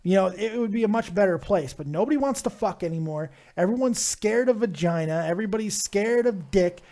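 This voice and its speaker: A man's voice: high-pitched, expressive, brisk, warm tone. A man hosting a live call-in show, loose and joking, swearing freely as he chats with callers. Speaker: host.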